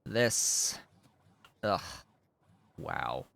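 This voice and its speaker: Low, unhurried man muttering over gameplay. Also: sing-song, gravelly, a bit bright. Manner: muttering to himself while building, offhand and dry. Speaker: game streamer. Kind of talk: casual gameplay commentary.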